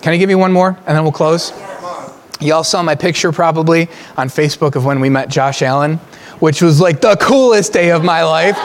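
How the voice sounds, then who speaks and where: Animated, joking male pastor. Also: a little hiss or hum. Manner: animated and humorous, often laughing; jumps much higher in pitch when excited. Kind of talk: storytelling sermon.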